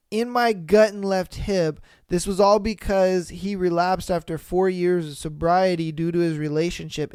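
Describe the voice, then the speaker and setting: A young man with a high, smooth voice reads stories aloud on his podcast and reacts with loud, animated, swearing exclamations. He is recorded dry and close to the mic. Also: dry recording. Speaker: podcast host.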